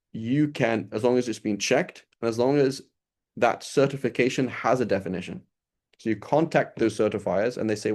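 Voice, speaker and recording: A man teaching a small group in a loose, conversational way. His pitch sits in the middle for a man. He often checks in with his listeners with quick questions. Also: darkish tone. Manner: casual, conversational, asks listeners rhetorical questions. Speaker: religious teacher. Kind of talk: informal lesson.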